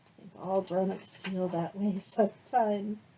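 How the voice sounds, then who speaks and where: Soft, slow-spoken woman reading to babies. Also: mid-range voice, fairly even intonation, slightly rough, low-quality recording. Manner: gentle, soothing, soft sing-song storytelling. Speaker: children's librarian. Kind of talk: reading picture books aloud to babies.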